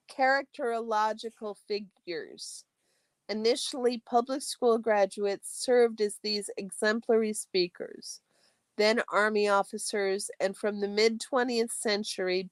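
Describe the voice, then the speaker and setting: Woman host reading study text aloud, measured pace, phrase ends fading to a whisper, dry close sound. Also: medium pitch, clear, resonant tone, dry recording. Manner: steady, measured reading with a few restarts, phrase ends trailing into a soft whisper.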